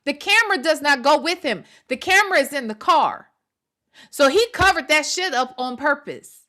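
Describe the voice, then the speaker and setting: A woman's voice: high-pitched, animated, normal speed, sharp tone. A woman hosting a reaction commentary on a video clip, talking bluntly and profanely with exasperation and repeating phrases for emphasis. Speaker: gossip commentary host.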